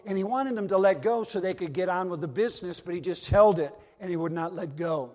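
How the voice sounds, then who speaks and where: A male preacher delivers an emphatic sermon and hammers his points home with repetition. His voice sits high and carries a long reverb, as in a church sanctuary. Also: a little fast, few pauses, darkish tone. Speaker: Baptist preacher. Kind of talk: sermon with storytelling. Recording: long reverb of a large hall.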